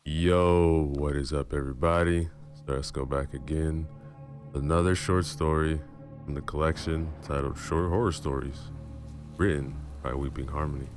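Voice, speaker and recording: A man reading a dramatic story aloud in a low, slow, intimate manner. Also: fairly even intonation. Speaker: storyteller streamer. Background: background music and rain.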